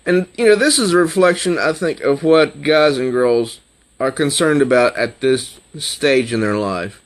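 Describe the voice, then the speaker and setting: A man casually reviewing a comic book, talking slowly and haltingly. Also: a little high. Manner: slow, halting, with fillers and restarts.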